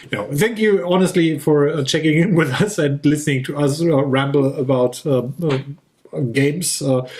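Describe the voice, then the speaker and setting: A man's voice: on the high side, a little mellow. A man, co-hosting a board game podcast in a rambling, goofy, jokey way. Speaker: podcast co-host. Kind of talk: casual chat.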